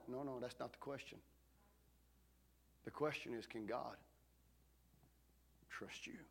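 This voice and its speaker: A male pastor, preaching a sermon as a dramatic story that swings between shouting and hushed tones. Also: mid-range voice, slow pace, creaky, long pauses, husky.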